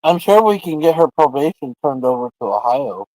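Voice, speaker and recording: A man's voice: mid-range voice, sing-song, brisk, darkish tone, no room sound, low-quality recording. A man hosting a livestream, telling rambling, crude, joking stories in casual chat. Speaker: livestream host.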